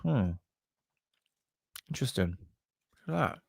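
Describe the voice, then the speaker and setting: A man's voice: medium pitch, lively intonation, moderate pace, dry recording. Crude joking man, dry sound. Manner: crude, joking, laughs often. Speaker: channel host. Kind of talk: casual commentary on paranormal photos.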